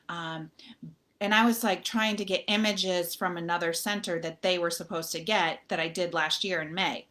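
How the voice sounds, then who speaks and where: A woman's voice: on the low side, fairly even intonation, moderate pace, fairly bright tone. Chatty woman hosting a live video. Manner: chatty, addresses viewers as "you guys"; rambling, full of fillers and restarts. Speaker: motivational author and group host. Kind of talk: casual live video talk.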